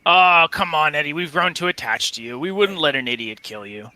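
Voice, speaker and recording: A man voicing a weathered male mercenary in a tabletop role-play, talking in a halting, folksy way with many pauses. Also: on the high side, sharp tone, no echo, pitched above the performer's own voice. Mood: teasing. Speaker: game master voicing a character.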